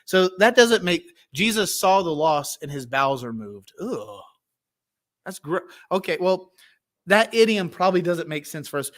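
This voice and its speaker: A male pastor giving a sermon in a conversational way, acting out Bible scenes with quick voices and asides. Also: high voice, animated, fairly bright tone.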